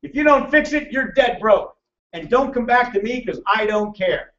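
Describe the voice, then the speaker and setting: A man presenting a financial seminar to a live audience, loud, emphatic and hectoring as he teases the crowd. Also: very high voice, animated, moderate pace. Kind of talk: motivational seminar lecture. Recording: echoey, distant, dull room recording.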